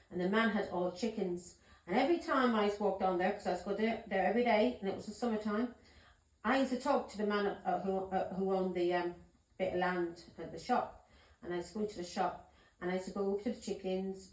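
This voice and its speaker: A woman's voice: on the low side, darkish tone. A woman tarot reader telling a story to camera in a casual way. She is emphatic, swears and keeps checking in with her listeners. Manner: emphatic, swears, keeps asking "yeah?" and "do you understand me?". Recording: roomy echoey room.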